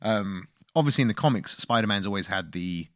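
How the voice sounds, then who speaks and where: A man co-hosting a film review podcast in an animated, chatty way, laughing often and tossing off quick mock voices. His pitch rises and falls a lot as he talks. The sound is close and dry, with no room echo. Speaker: podcast co-host. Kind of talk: casual film review chat.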